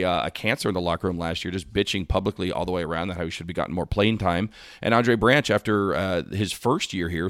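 Man, very low voice, casual sports podcast host, animated storyteller, dry close mic. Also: no room sound. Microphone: podcast microphone.

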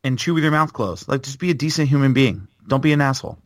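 A man in his thirties ranting bluntly on a podcast, cursing freely in casual chat. His voice sits at a middling pitch, recorded close and dry with no room sound. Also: fast, no echo. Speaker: podcast co-host.

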